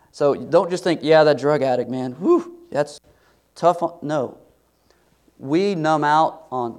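Earnest preaching man, slightly high voice. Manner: earnest, rising to emphatic questions. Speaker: pastor. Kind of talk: sermon.

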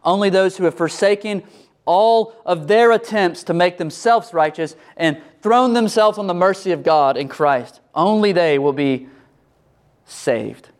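A middle-aged man delivers a sermon as pastor. He preaches with animation and acts out the voices of biblical figures and church members. His voice sits a touch above the usual male pitch. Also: unhurried.

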